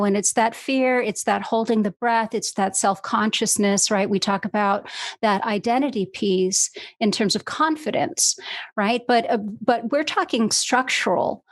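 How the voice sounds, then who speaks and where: A woman's voice: mid-range voice, dry recording. A woman voice coach explaining breathing in a casual podcast chat, talking fluidly with many "you know"s, over a video call. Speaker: voice and communication coach, guest.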